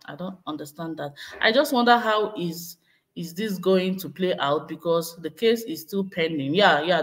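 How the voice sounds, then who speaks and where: Woman vlogger, casual live-stream chat, speculative, hedging, responds to viewer comments. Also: lowish voice.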